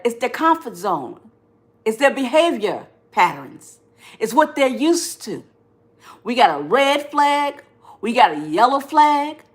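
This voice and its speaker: Animated woman coaching viewers on a live stream. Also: a little high. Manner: animated, preacherly, reads viewer comments, laughs often. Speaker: podcast host and life coach. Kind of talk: live-stream relationship advice chat.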